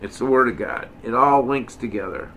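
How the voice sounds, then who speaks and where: A man's voice: mid-range voice, big pitch swings, normal speed, creaky, fairly bright tone, a little hiss or hum. Rambling middle-aged male Bible teacher. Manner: digressive, self-correcting, joking asides; reads scripture aloud with emphasis. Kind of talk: informal Bible study teaching.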